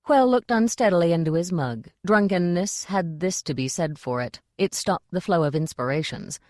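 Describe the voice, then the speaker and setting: A woman reading an audiobook in a measured storytelling manner. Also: lowish voice, animated, darkish tone, no echo, clean studio sound. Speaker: audiobook narrator. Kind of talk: scripted audiobook narration.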